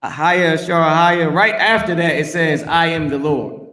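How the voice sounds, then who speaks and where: A man's voice: fairly high pitch, moderate pace, sharp tone. A man reading scripture aloud and commenting on it in a brash, profane, mocking way, teaching an online class. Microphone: streamed voice chat.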